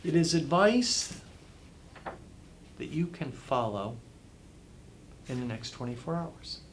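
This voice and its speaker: A man's voice: on the high side, sing-song, takes it slowly, noisy background. A man being interviewed as a guest author, giving advice in an emphatic way and repeating phrases for effect. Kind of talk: interview answers, motivational advice.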